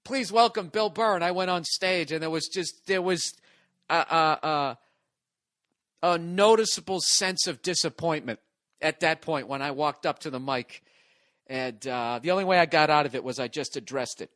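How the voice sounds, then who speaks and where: A man in his forties, a podcast host and stand-up comedian, telling a long story in a profane, excitable, rambling way with lots of restarts. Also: a little high, moderate pace, no echo, clean studio sound. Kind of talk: casual storytelling monologue.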